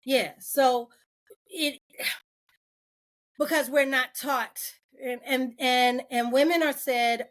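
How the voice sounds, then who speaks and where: A woman with a slightly high voice talks as a podcast guest in open, candid conversation. She is animated and laughs often, switching into the voices of the people she quotes. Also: takes it slowly.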